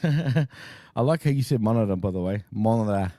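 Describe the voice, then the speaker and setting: An Australian man chats about wrestling, laughing often and ribbing his co-host. His tone is mellow and relaxed, and the sound is dry and close. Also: medium pitch, moderate pace, no echo. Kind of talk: casual livestream chat.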